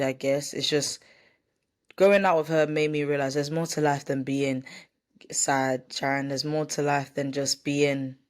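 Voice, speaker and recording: A woman talking candidly to camera in a casual vlog, rambling and correcting herself, sometimes reading from a script. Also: low voice. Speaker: vlogger. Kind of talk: casual vlog chat, partly read from a script.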